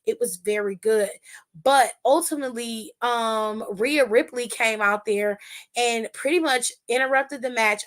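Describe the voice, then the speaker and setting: A woman hosting a wrestling recap show, telling it in a blunt, sassy and profane casual chat, often acting out what people said. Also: mid-range voice. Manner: animated, acts out the wrestlers' lines.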